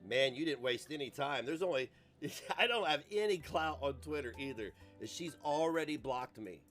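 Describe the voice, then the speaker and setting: A man's voice: a little high, expressive, normal speed, fairly bright tone, faint music behind. A man hosting a livestream in a casual, rambling rant, profane and self-mocking. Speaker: livestream host.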